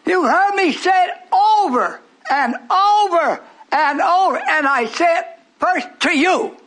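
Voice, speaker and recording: Old preacher man in his 80s, super high sharp voice, scolds and shouts at the crowd. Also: expressive, slow pace. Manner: scolding, rambling, shouting at the congregation. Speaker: pastor. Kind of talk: sermon.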